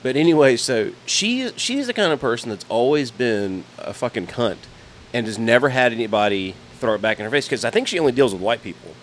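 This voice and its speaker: A man casually telling a story on a podcast, profane and animated. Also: medium pitch, fairly quick, a little hiss or hum. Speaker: podcast co-host. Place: garage.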